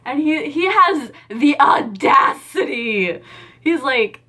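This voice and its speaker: A young adult woman telling a personal story in a casual vlog, animated, acting out the dialogue and laughing often. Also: sits high, takes it slowly. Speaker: vlogger.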